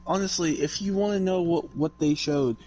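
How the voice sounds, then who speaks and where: A man's voice: on the high side, normal speed, warm tone, lo-fi sound. A man co-hosting a podcast, casually explaining wrestling backstory with frequent laughs and swearing. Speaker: podcast co-host. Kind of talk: casual wrestling recap chat.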